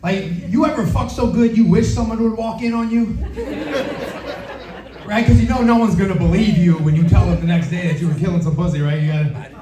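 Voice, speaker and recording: A man's voice: sits high, fairly quick, crowd noise. A man from Philadelphia doing a crude stand-up routine in a comedy club, often asking the audience if they follow him. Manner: brash, crude, checks in with the audience. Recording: echoey club recording, distant mic, loud audience laughter. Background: audience laughing.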